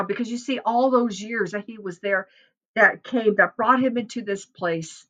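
A middle-aged woman gives an earnest devotional Bible teaching in a bright, clear voice. She talks fervently, and her voice climbs with feeling whenever she voices a prayer. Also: mid-range voice, moderate pace. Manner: earnest, fervent, rising and swelling on quoted prayers.

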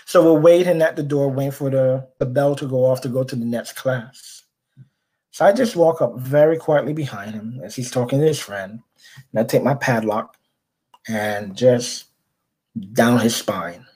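A man's voice: medium pitch, moderate pace, husky. A man from Brooklyn, a podcast guest telling a story in conversation and acting out the people he quotes. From Brooklyn, New York. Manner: animated, acts out the people he quotes.

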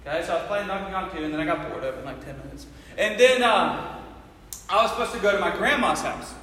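A man's voice: sits high, expressive, fast, pushed and bright. A man in his thirties from the Cincinnati area tells a personal story to a live audience in a casual, chatty way, often checking in with the crowd. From Ohio, near Cincinnati. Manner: casual, chatty, keeps asking the audience "you know what I mean?". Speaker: speaker addressing an audience. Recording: echoey hall with faint noise.

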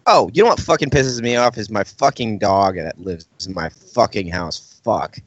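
Low-voiced man ranting profanely. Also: lively intonation, normal speed. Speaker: podcast co-host. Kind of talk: casual chat, ranting. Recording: dull lo-fi dry audio.

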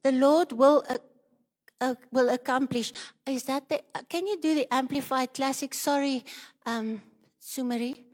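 A woman preaching a charismatic sermon, building into loud rhythmic declarations and speaking in tongues, at times out of breath. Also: high voice, measured pace, in a large hall.

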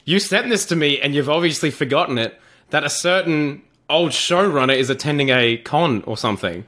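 A man co-hosting a podcast, chatting casually with playful, quick reactions. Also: on the high side, lively intonation, fairly bright tone. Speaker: podcast co-host.

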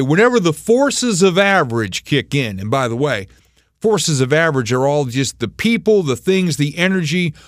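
A middle-aged man hosting a show, giving an earnest motivational monologue with drawn-out, emphasized words. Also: on the high side, dry recording, clean studio sound. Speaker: host, motivational speaker.

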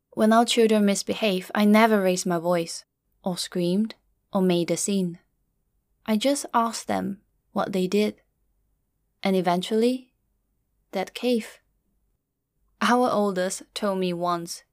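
A middle-aged woman narrating a first-person story in a quiet, measured, grieving way. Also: mid-range voice, no room sound, clean studio sound.

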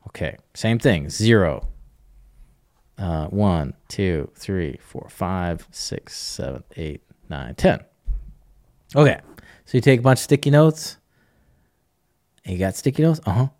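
Man, middle-aged, casual podcast talk, animated, fairly low voice, dry close sound. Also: slow pace, pauses often, dry recording. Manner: animated, acts out dialogue, chuckles often.

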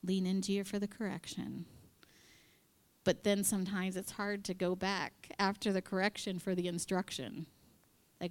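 Woman giving a church devotional, animated, acts out quotes, sometimes whispers. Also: mid-range voice, normal speed. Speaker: church speaker. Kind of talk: devotional talk.

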